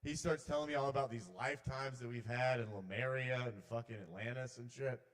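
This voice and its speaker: A man's voice: fairly even intonation, fairly quick. A man doing a rambling, swearing stand-up set at an open mic in a small bar. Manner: rambling, swearing, shouts the intrusive voices loud and high. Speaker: comedian.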